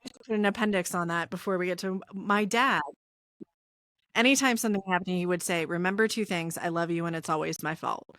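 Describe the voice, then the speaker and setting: A woman's voice: lowish voice, fairly quick, dry recording, studio quality. A woman in her thirties hosting a podcast, talking in a reflective, conversational way and acting out her inner voices as she tells stories. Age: 30s. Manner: reflective, animated storytelling with quoted inner voices. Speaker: podcast host.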